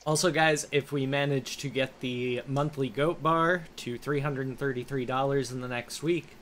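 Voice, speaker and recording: A man's voice: mid-range voice, steady tone, normal speed, a bit bright, slight background noise. Easygoing man chatting on his stream. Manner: easygoing, joking. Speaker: streamer and player. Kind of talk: casual chat while playing a tabletop game.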